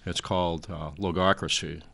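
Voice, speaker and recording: A man's voice: deep voice, flat delivery, moderate pace, gravelly, fairly bright tone. A man in his sixties, a talk show guest, lecturing at length in a rambling way with many fillers. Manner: frequent fillers, trailing off.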